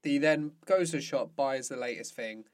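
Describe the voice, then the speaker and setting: A man's voice: medium pitch, normal speed. A man casually retelling a cartoon episode, swearing now and then. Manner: retells plots, swears casually, laughs often. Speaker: podcast co-host. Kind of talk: casual chat reviewing cartoons.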